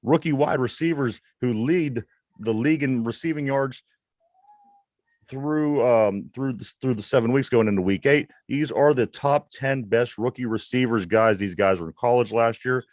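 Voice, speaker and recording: A man's voice: medium pitch, normal speed, a little mellow, dry recording, clean studio sound. A man with a Pittsburgh accent co-hosting a sports podcast, bringing up topics and reading out stats with hesitant restarts. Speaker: podcast co-host. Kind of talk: casual sports banter.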